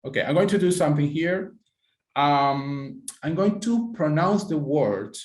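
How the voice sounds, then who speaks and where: A man's voice: fairly high pitch, animated, unhurried. Man teaching pronunciation in an echoey room. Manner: patient, encouraging, calls on students by name. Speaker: English teacher. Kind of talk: online pronunciation class. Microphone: computer mic on a video call.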